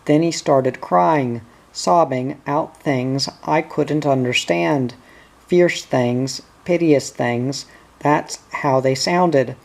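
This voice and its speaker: A troubled country wife pours out her worries about her husband at a slow, weighed pace. An audiobook reader voices her in a plain, everyday register with a middle pitch, without a strongly put-on voice. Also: vocal fry, a little mellow.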